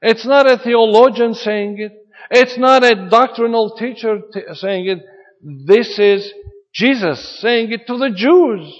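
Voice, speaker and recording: Male preacher, high voice, slow deliberate sermon; dull recording with long hall reverb. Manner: earnest, emphatic preaching with rising and falling emphasis.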